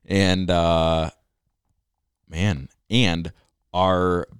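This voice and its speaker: A man's voice: deep voice, level tone, extremely slow, smooth, no room sound, studio quality. A man co-hosting a podcast in easygoing casual chat, laughing as he talks. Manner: easygoing, laughs while talking. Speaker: podcast co-host.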